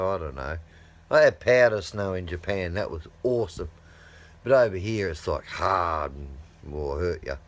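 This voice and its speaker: A middle-aged man, telling a rambling, profane anecdote in a casual way. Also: lowish voice. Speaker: storyteller.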